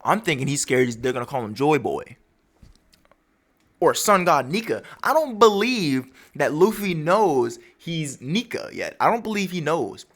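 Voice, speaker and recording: A man's voice: a little high, very animated, unhurried, fairly bright tone. A man casually breaking down a comic chapter for his channel in a rambling, storytelling way. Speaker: manga recap YouTuber.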